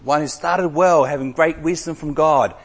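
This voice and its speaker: A man's voice: a little high, moderate pace. Man preaching in an echoing hall. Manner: dramatic swings from loud emphasis to hushed drops. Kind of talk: sermon. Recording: long hall reverb.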